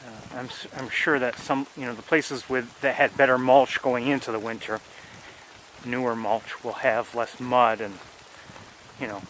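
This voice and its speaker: A man's voice: medium pitch, steady tone, a little slow, fairly bright tone, slight background noise, rough recording. Man narrating a rainy outdoor walk. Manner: rambling, many fillers and restarts. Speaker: birding tour guide. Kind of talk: casual walking narration. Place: outdoors on wet trails, light rain.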